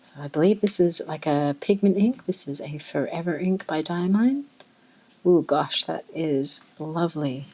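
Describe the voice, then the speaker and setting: A soft-voiced Australian woman chats as she swatches inks, musing aloud and exclaiming quietly over each color. Her voice sits a little low and has a husky, breathy edge. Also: unhurried, rough recording. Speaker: ink swatching vlogger. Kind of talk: casual chat while swatching.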